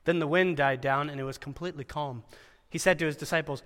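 Animated man preaching in a reverberant hall. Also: fairly high pitch, fast talker. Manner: animated storyteller with wry asides and dramatic quoted voices. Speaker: chapel speaker at a Christian school. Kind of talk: sermon.

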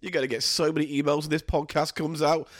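A man's voice: a little high, little pitch movement, fast talker. A man co-hosting a podcast, teasing and mocking his co-host in crude, sweary, casual banter.

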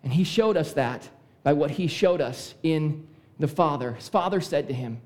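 A male preacher with a high-pitched voice delivers a sermon in an emphatic, repetitive style. He lowers his voice to stress key points before lifting it again. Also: animated, normal speed, a little mellow.

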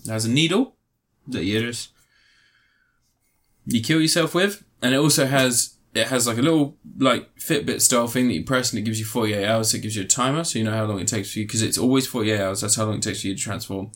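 Brief: male film-chat host, sarcastic, rambly, slips into quick silly voices. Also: medium pitch, a bit bright. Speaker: film reviewer. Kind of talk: casual film recap chat.

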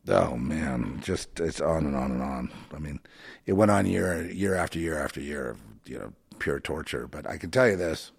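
A man talking as a show host in a rambling monologue, emotional and full of fillers, swinging between loud outbursts and low mutters. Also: gravelly, breathy edge. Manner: many fillers and restarts.

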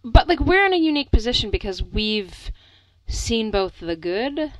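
A young adult woman co-hosting a podcast in casual chat, talking fast and loose with lots of "like" and frequent laughs. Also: on the high side, very animated, no echo, poor audio. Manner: chatty, fillers of "like", laughs often. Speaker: podcast co-host.

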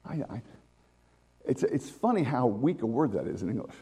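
Lively, mellow-voiced man preaching. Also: mid-range voice, moderate pace, husky. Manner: conversational, lively preaching with restarts and asides. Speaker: pastor. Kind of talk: sermon.

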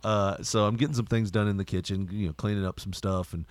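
A man on a podcast telling a funny story in a casual way. He laughs a lot and acts out what people said in higher voices. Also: steady tone, fast, no room sound. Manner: laughs often, acts out quotes in raised voices.

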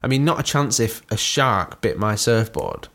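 A man's voice: lowish voice, big pitch swings, normal speed, fairly bright tone. A young man co-hosting a podcast, telling a story in a rambling, sweary, laughing way. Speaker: podcast co-host. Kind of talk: casual chat.

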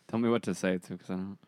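A man goofing around in an improvised comedy bit, playful and quick to laugh. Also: low voice, very noisy. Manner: goofy, playful, laughs often. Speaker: improv performer.

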